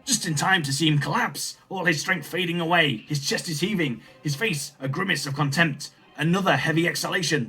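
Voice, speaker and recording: Bright-voiced young man narrating a game story. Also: a little high. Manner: steady, expressive narration. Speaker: gaming storyteller. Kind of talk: reading a story game aloud.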